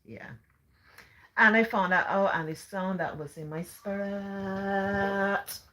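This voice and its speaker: A woman's voice: mid-range voice, steady tone, slow, a bit bright. A middle-aged woman from Barbados with a Barbadian accent, chatting casually on a livestream and answering viewer comments. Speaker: livestream host.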